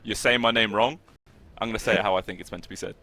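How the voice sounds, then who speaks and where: A man giving live play-by-play commentary on an esports match, getting excitable and rising on big plays. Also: lowish voice, very fast. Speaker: esports caster.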